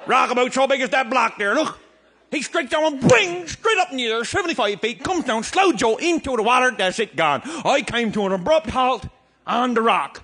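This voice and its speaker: Man, Newfoundland accent, comic tall-tale yarn, very high voice, lively, bright tone, live stage. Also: normal speed, husky. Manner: rollicking, shouting and laughing through a yarn. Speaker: storyteller.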